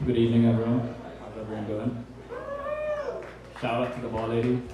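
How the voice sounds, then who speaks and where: A man's voice: mid-range voice, flat delivery, fairly quick, a crowd in the background. A young British man doing a stand-up set, dry and self-deprecating, with frequent ums between jokes. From Britain. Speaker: stand-up comedian. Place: comedy bar stage. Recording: echoey room, distant mic, faint noise.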